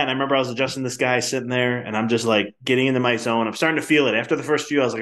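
Fast-talking man hosting a podcast. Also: mid-range voice. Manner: animated storyteller, friendly and informal. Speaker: podcast host, former chiropractor. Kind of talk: casual podcast conversation.

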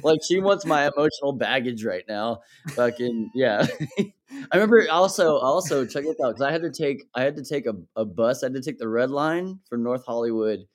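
A man telling stories in casual chat, animated and swearing, acting out other people's lines as he goes. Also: mid-range voice, normal speed. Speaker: podcast guest, musician.

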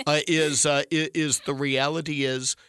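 A man's voice: a little high, flat delivery, normal speed, a bit bright, clean tone, no room sound. A middle-aged man giving discursive, emphatic legal analysis in conversation, often restarting his sentences. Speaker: legal commentator.

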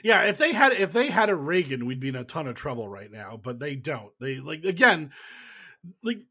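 Animated high-voiced man on a panel. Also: moderate pace, husky. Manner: animated, mocking impressions, swearing. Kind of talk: casual political discussion.

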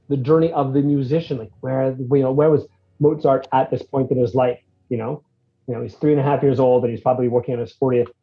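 Rambling, animated man in casual chat. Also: mid-range voice, lo-fi sound. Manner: rambling and animated, restarts, acts out his reactions. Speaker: guest reviewing a music track.

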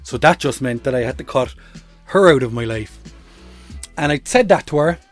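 Soft music plays beneath this Irish man's medium-pitched voice as he talks at a moderate pace. Hosting his solo comedy podcast, he tells wandering, animated stories and curses freely throughout.

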